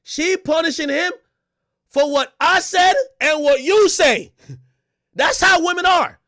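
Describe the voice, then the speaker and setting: A man streaming live, telling stories loudly and animatedly, acting out quotes and laughing often. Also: very high voice, lively intonation, slow. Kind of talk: livestream commentary.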